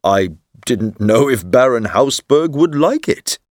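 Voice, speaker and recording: A relaxed painter with an easy, teasing manner, voiced slowly in a storybook by a man reading all the parts. His lines move freely up and down in a dry, close recording. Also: medium pitch, dry recording. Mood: amused.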